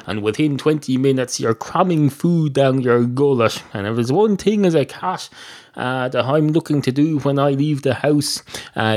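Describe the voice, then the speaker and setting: A man, a podcast host, improvising a rambling comic story with dry digressions. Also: mid-range voice.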